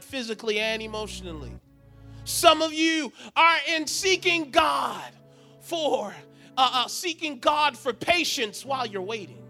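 A male preacher delivering an impassioned sermon in a very high, bright, forceful voice. He swings from ringing shouts down to hushed, quiet lines. Soft music plays faintly behind him. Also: lively intonation, measured pace.

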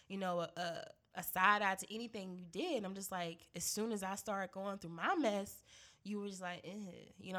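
A woman's voice: medium pitch, a bit bright. A woman co-hosting a casual chat, telling a personal story with lots of animation and slang, acting out quoted voices and laughing often. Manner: casual American slang, says y'all and girl.

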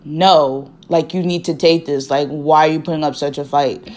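A woman putting on the voice of a pushy, dismissive female nurse who scolds briskly. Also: low voice, steady tone, a little mellow, lightly acted. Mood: scolding.

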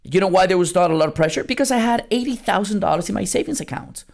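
An emphatic man delivers a motivational podcast monologue in a slightly high, gravelly voice. His pitch swings widely as he drives each point home. He talks bluntly and casually, swears now and then, and repeats lines for punch. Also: animated, fast. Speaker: network marketing coach and podcast host.

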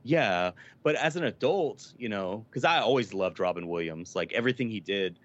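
Low-voiced man chatting about movies. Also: lively intonation, normal speed. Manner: rambling, filler-heavy, profane. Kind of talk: casual chat about movies. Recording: dull lo-fi sound.

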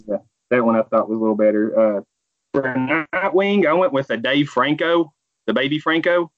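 A man chatting casually on a podcast, relaxed and easygoing with filler words. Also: medium pitch, moderate pace, phone-quality sound. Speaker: podcast co-host. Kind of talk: casual chat.

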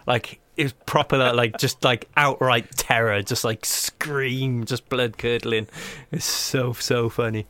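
A man co-hosting a gaming podcast, telling stories in an animated, chatty way. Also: medium pitch, no echo. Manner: animated storyteller, quick asides. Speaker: podcast co-host. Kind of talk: casual chat.

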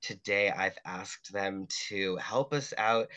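A man's voice: low-pitched, takes it slowly, sharp tone. A man hosting a podcast in casual chat, playful as he reads film lines aloud. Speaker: podcast host.

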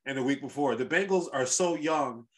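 A man hosting a casual sports podcast, telling stories in an animated, rambling way with lots of restarts. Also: medium pitch, moderate pace. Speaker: podcast host.

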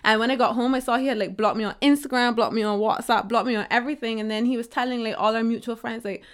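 A woman's voice: on the high side, fast talker, few pauses. A young woman from Barbados telling a story in casual chat, swearing freely and acting out what others said. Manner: animated storytelling, swears freely, acts out quoted voices.

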